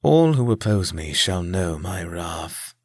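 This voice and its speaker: A man voicing an arrogant royal heir in an audiobook, speaking slowly and coldly. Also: low-pitched, big pitch swings, a little mellow, dry recording, studio quality, exaggerated voice. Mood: haughty. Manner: slow, haughty.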